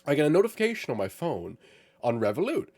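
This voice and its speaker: Casual young male podcast host, animated, swears, acts out his own reactions, bouncy delivery. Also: a little high, fast. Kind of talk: casual chat, animated storytelling.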